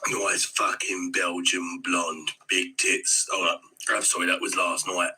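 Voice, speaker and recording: A man doing a raspy, swearing hard-man beer boozer. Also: sits low, level tone, a little slow, sharp tone, heavily acted, poor audio. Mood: swaggering. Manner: swaggering, swears constantly. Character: boozy foul-mouthed hard-man beer reviewer. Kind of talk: comic beer review clip.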